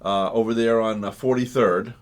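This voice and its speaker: A man's voice: on the low side, steady tone, moderate pace. A man hosting a live call-in radio show, chatting with a caller in a folksy way and asking lots of questions. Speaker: radio talk show host.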